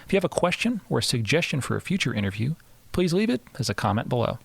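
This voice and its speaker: A man's voice: mid-range voice, big pitch swings, fast, gravelly, husky, no echo. A man hosting a podcast, reading a scripted introduction and interviewing a guest. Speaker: podcast host.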